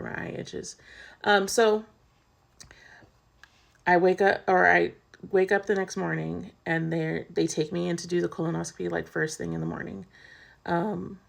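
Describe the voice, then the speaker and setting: A woman's voice: fairly low pitch, gravelly. A woman vlogger candidly telling a personal story in a casual, chatty way, full of "like".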